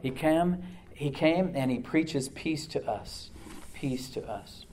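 A male pastor preaching a sermon, swinging from loud emphatic lines to hushed near-whispers. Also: on the high side, lively intonation, slow, roomy sound, a little hiss or hum, low-quality recording. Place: church sanctuary.

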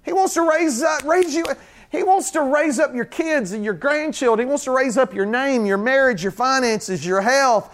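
A man's voice: very high-pitched, moderate pace, a bit bright, slight background noise. A man preaching a sermon in a church, chatting with the congregation and acting out little scenes, then building into fervent repetition. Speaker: pastor.

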